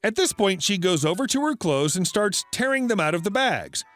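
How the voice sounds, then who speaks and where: A man reads an internet story aloud in a plain, steady storytelling delivery. His voice sits high for a man and moves with a lively lilt. Soft music plays faintly behind him. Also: a little fast, no room sound. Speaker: narrator. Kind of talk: narrated internet story reading.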